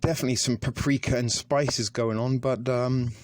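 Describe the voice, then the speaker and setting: A man's voice: medium pitch, steady tone, normal speed, a little mellow, no room sound, studio quality. A man casually reviewing a ration pack on camera, talking in a hesitant, chatty way with many ums. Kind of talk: casual food review vlog.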